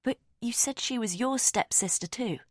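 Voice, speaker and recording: A woman's voice: on the high side, moderate pace, dry recording, clean studio sound, pitched above the performer's own voice, close to an everyday voice. Woman doing a frantic, breathless young woman. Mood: urgent. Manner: breathless and urgent.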